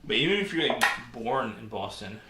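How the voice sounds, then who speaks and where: A man's voice: medium pitch, expressive, normal speed, very noisy. A man hosting a casual live stream at home, rambling with many fillers and restarts.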